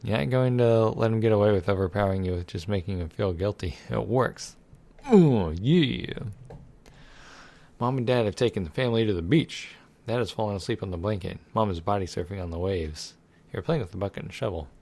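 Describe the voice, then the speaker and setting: Deep-voiced sarcastic man reading a game. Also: fast talker, gravelly, a little mellow, dry recording. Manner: sarcastic, irreverent, swears freely. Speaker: let's play gamer. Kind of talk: reading a text game aloud with commentary.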